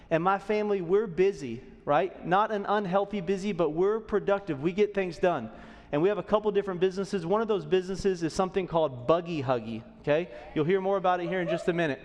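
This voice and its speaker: Recorded in a large hall and somewhat muffled, a high-pitched man in his thirties gives a sermon as a pastor. He speaks conversationally to the church auditorium crowd and checks in with them often.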